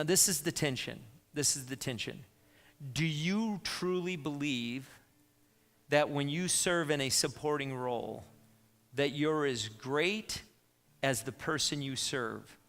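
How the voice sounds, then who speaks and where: A man's voice: on the high side, a bit bright, big-room sound. A man preaching a sermon as pastor, in an emphatic, conversational way with asides to the congregation. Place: church sanctuary.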